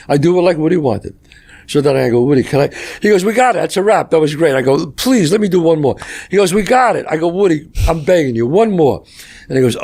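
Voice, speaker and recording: A man telling animated stories in a casual podcast chat, acting out dialogue and swearing freely. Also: mid-range voice, vocal fry. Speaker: guest actor telling stories.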